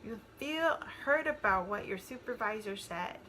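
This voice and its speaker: Slow, hesitant woman reading a list. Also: medium pitch, animated, pushed and bright, poor audio. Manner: slow, hesitant, with many ums. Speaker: student reading coursework aloud. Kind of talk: reading a list and working through an exercise.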